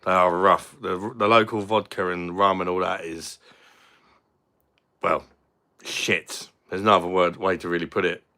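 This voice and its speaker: A British man with a low voice and a bright, forceful edge hosts a relaxed livestream. He greets viewers and chats bluntly, joking and swearing as he goes. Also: a little slow, long pauses. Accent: British English. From Britain. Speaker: livestream host. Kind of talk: casual livestream chat reading comments.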